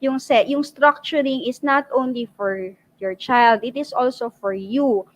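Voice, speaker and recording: A woman's voice: high voice, unhurried, low-quality recording. A woman with a Filipino accent giving an online parenting seminar, often checking in with "okay?" and slipping into Tagalog. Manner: frequent "okay?" check-ins, switching into Tagalog.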